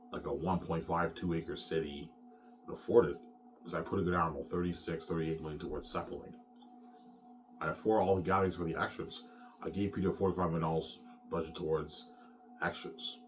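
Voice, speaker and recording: Give me a man with a very low voice rambling casually over background music. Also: flat delivery, brisk, far from the mic. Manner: repetitive, keeps saying "man" and "yeah".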